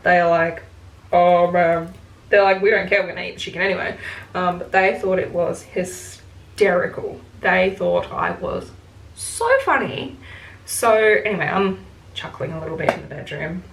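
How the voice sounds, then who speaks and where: A woman's voice: fairly low pitch, fairly even intonation, moderate pace. Chatty woman in an echoey room. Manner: chatty, blunt, swears freely, mimics others in quotes. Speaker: vlogger. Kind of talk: casual storytelling while doing makeup. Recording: echoey room, faint ambience.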